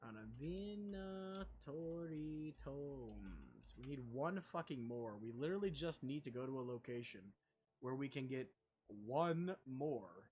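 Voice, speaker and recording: A man's voice: mid-range voice, animated, unhurried, darkish tone, faint music behind. A young man streaming a video game, rambling casually, swearing and chatting to his viewers. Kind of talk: casual gameplay commentary.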